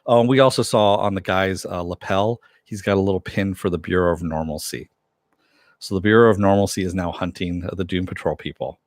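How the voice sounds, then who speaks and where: A man talks through a TV episode in a loose, rambling way, full of fillers and backtracking. His voice sits a little low. The sound is dry and close. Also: brisk, no room sound. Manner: rambling, many fillers and self-corrections. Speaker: TV show reviewer. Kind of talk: casual episode recap.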